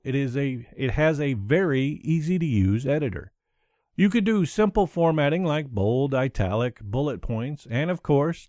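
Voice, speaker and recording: A man's voice: mid-range voice, darkish tone, no echo, studio quality. A man hosting a solo podcast, upbeat and chuckling between points. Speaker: podcast host.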